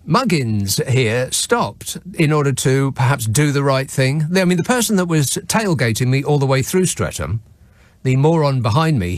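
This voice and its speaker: Male talk-radio host, sardonic storyteller, animated pitch, dry close studio sound. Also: no echo. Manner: wry, sardonic, self-mocking. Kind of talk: late-night radio storytelling monologue. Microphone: studio microphone.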